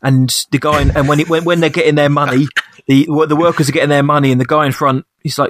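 A man's voice: a little high, fairly even intonation, quick pace, dry recording, studio quality. A young man chatting casually as a podcast co-host, thoughtful and hesitant, often restarting his sentences. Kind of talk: casual chat reviewing a TV episode.

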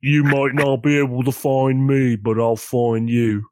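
A man voicing a menacing male crook who is not old, introducing himself with a slow, threatening delivery. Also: medium pitch, level tone, darkish tone, no echo, natural voice.

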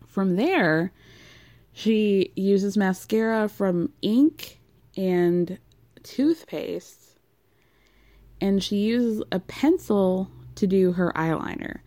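A woman's voice: medium pitch, extremely slow, warm tone, dry recording. A woman hosting a casual recap, talking frankly, swearing freely and leaning on fillers. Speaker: podcast host recapping a reality show.

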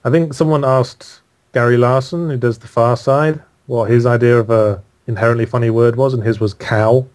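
A man's voice: mid-range voice, fairly even intonation, normal speed, a little mellow. A man with an English accent, a podcast guest chatting casually, with dry, wry humor. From England. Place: home in Australia, remote call.

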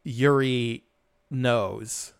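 A man co-hosting a podcast, chatting casually and excitedly as he recaps an anime episode, often restarting his sentences and leaning on "like". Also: mid-range voice, very slow, gravelly, clear, resonant tone. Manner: excited, rambling, heavy on 'like' and restarts. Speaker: podcast co-host.

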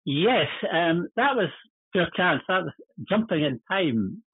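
Heard through a tinny phone line with no room sound, this older guest has a high-pitched voice with big pitch swings, a slow pace, and a breathy edge. He chuckles as he tells rambling, casual stories about his working life.

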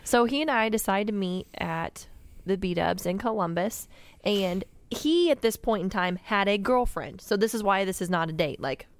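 A woman's voice: medium pitch, animated, moderate pace, few pauses, dry recording. A woman, a podcast guest, telling a long funny story in casual chat and often breaking into laughter.

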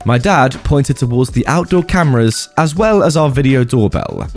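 A man's voice: medium pitch, sing-song, moderate pace, faint music behind. A man who reads online stories aloud and comments on them in a chatty way, often asking his audience rhetorical questions. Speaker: story narrator.

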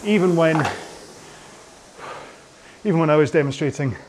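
A man's voice: on the high side, moderate pace, background noise. A man coaching an indoor rowing workout while rowing, chatty and rambling, often mocking himself.

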